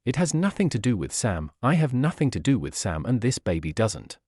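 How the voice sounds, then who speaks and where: A man reading the lines of a defiant, sharp-tongued young mother, with flat, biting retorts. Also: medium pitch, brisk, slightly rough, no room sound, studio quality. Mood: cold, defiant.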